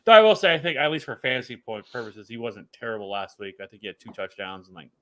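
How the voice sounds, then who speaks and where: Male co-host, bright tone, loose rambling delivery full of restarts. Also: medium pitch, sing-song, fast. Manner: rambling, many restarts and fillers. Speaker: fantasy football co-host. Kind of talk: casual podcast chat.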